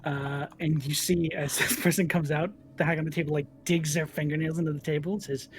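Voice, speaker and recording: A man acting as dungeon master, narrating a tabletop game in a relaxed, descriptive way and reading out game rules. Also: on the high side, a little fast, few pauses, a little hiss or hum.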